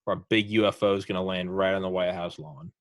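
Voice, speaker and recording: A man's voice: deep voice, quick pace, dry recording. A man hosting a podcast in casual chat, riffing sarcastically with a lot of swearing. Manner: animated, swearing, sarcastic riffs. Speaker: podcast host.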